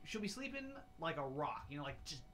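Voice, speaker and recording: A young father co-hosting a casual podcast, telling animated stories with many fillers. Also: on the high side, brisk, a little hiss or hum. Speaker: podcast co-host. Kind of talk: casual chat.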